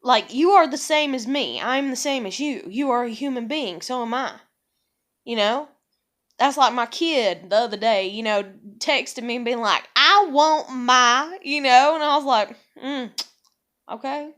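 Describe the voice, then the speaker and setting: A middle-aged woman with a high-pitched voice ranting bluntly and profanely to camera. She talks casually and heatedly, acting out quoted exchanges as she vents about being taken for granted. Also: expressive, normal speed, fairly bright tone. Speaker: parent venting about relationships. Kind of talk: casual vlog rant.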